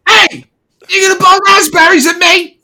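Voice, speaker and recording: A man voicing an angry little male dwarf in armor, yelling in a shrill, cracking voice. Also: steady tone, normal speed, a little hiss or hum, full character voice. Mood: furious.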